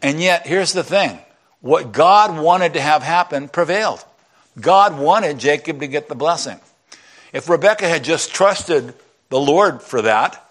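Animated male preacher, slightly high voice. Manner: animated storytelling, acting out characters. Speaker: pastor. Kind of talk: sermon.

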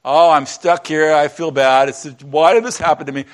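A man's voice: fairly high pitch, fairly even intonation, normal speed, close to an everyday voice. A man doing a whiny self-pitying prisoner. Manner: whiny, pleading complaint. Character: self-pitying male prisoner wailing to God.

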